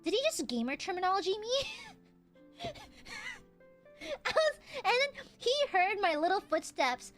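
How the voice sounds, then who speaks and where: High bright excitable woman streamer. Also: brisk, few pauses, faint music behind. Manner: excitable, swears, shouts and laughs at chat. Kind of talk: casual live-stream chat.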